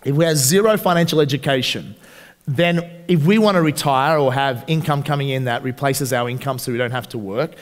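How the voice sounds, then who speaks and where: An Australian man giving a live seminar, energetic and asking the audience questions. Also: medium pitch, brisk, long reverb tail. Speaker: seminar presenter. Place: large hall at a live seminar.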